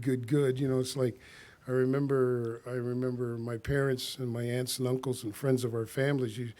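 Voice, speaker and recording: A man's voice: mid-range voice, darkish tone. A man telling a rambling personal story to a live audience, laughing often and acting out the quotes.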